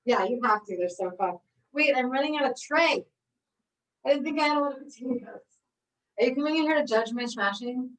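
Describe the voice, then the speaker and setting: A woman's voice: sits high, a little fast, fairly bright tone, recorded from a distance, poor audio. A woman leading a live online cooking class, bubbly and encouraging, laughing often as she talks her students through each step. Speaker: recreation therapy cooking instructor.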